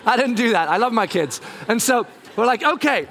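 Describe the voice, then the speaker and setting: Man, middle-aged pastor, high voice, animated storytelling sermon, jokey. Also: a little fast.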